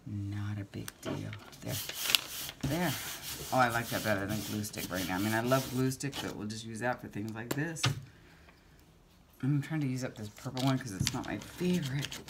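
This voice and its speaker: A woman's voice: rumbling low, normal speed, noisy background. A woman chatting casually to her viewers while she works on a craft project, rambling and talking to herself as she goes. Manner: chatty, rambling, self-talk while working. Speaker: crafting vlogger. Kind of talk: casual crafting chat to camera. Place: home craft table.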